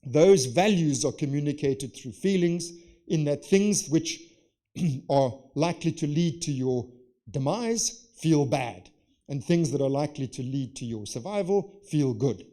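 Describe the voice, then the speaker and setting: Man, conference talk, academic lecture, rhetorical questions, acted examples, fairly high voice. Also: unhurried. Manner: lively, poses rhetorical questions and acts out scenarios. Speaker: conference speaker. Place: conference session.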